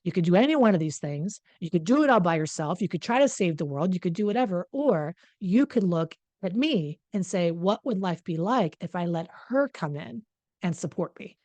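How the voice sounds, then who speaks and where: Middle-aged woman coach, chatty and self-deprecating, slightly low voice, dead-dry close mic. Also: expressive, normal speed, darkish tone, no echo. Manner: candid, self-mocking, chatty. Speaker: relationship coach. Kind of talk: casual direct-to-camera talk.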